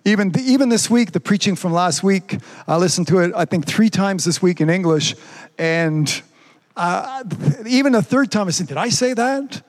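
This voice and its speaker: High-voiced man preaching fervently. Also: animated, moderate pace. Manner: fervent, peppered with "praise God" and "amen". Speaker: pastor. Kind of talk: sermon. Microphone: streamed online service.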